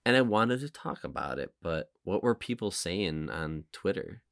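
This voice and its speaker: A man's voice: low voice, lively intonation, moderate pace, vocal fry, a bit bright, dry recording, studio quality. A man hosting a podcast in casual chat, rambling and hesitant with frequent restarts. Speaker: podcast host.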